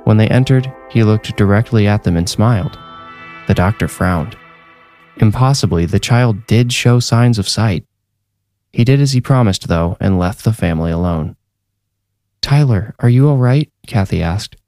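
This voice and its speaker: A man narrating a horror story in a measured, deliberate scripted read. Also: lowish voice, a little mellow, no room sound, faint music behind.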